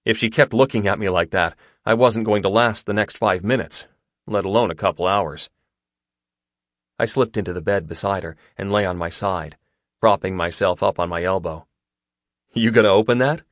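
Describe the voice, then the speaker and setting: A man narrating a first-person romance novel in a steady, intimate storytelling manner. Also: sits low, normal speed, dry recording, studio quality. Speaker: audiobook narrator.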